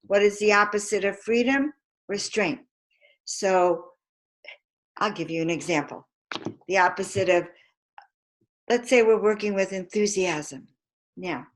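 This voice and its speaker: A woman's voice: mid-range voice, a little slow, pauses often, poor audio. Woman leading spirited affirmations. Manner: emphatic, chanting affirmations, calls and responses. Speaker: spiritual teacher and card reader. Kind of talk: live motivational talk with affirmations.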